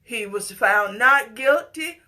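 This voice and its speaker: Woman, middle-aged, impassioned commentary, scolding, slow delivery, bright forceful tone. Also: a little high, animated. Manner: scolding, emotional, breaks into tearful pleading. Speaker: commentator reacting to a news story.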